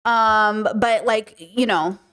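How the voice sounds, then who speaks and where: A woman's voice: mid-range voice, slow pace, very noisy. A woman hosting a podcast, giving frank, casual commentary full of "like" and "okay" and the odd swear word. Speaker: podcast host reacting to clips.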